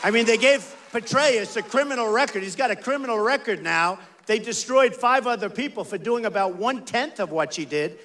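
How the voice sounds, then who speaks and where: A man's voice: high voice, animated, a little fast, hardly any pauses, fairly bright tone, a little hiss or hum. A man in his sixties from the United States, giving a rambling, emphatic campaign rally speech on a stage mic. He repeats phrases and talks straight to the crowd. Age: 60s. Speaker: political candidate. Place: large rally venue.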